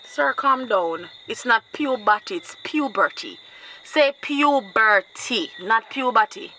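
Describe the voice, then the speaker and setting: A woman's voice: a little high, lively intonation, takes it slowly, sharp tone, a little hiss or hum. A woman with a Jamaican accent, talking earnestly in a comedy sketch.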